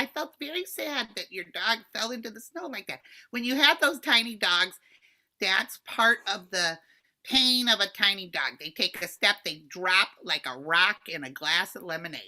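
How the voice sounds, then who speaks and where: Casting: woman as scatterbrained fifty-something neighbor, bright lively high voice, emphatic. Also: moderate pace. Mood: scheming, flighty. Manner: emphatic, scattered, swoops up in pitch. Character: brash 58-year-old woman neighbor Karen, scheming and flighty. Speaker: improv performer. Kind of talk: improvised comedy scene.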